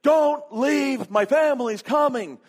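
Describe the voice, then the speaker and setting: A man acting out a frantic father who pleads and yells to get his family onto a plane. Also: extremely high pitch, takes it slowly, voice pushed up. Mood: pleading. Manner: panicked, yelling, pleading.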